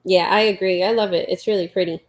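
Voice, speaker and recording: A woman's voice: fairly low pitch, steady tone, quick pace. Chatty woman counting crochet stitches. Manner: chatty, counts stitches aloud, reads viewer comments. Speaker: livestream host. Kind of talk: casual live chat while crocheting.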